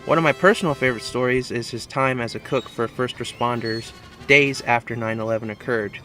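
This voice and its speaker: A man's voice: mid-range voice, fairly quick, sharp tone. A man reading a scripted tribute narration in an earnest, reflective way. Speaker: video essay narrator. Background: music.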